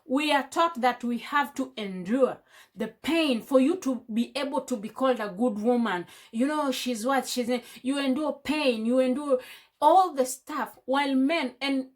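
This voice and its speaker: A woman's voice: sits high, a little slow. A young woman, a beauty vlogger, chatting with feeling and firing off rhetorical questions while she does her makeup at home. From Africa. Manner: impassioned, full of rhetorical questions. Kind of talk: casual chat while doing makeup. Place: indoors at home.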